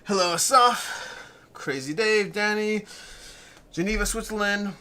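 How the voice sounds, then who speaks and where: A man's voice: sits high, unhurried, sharp tone. A man hosting a weekly live Q&A stream, reading viewer comments and thinking aloud in a rambling way, a little out of breath.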